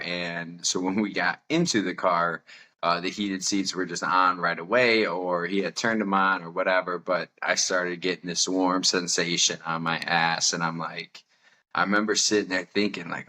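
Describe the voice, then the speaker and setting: A young man with a deep voice that still has a bright, forceful edge tells a personal story. His manner is candid and self-mocking, and he laughs often. He sounds like a podcast host talking loosely, not reading from a script. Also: fairly even intonation, a little slow.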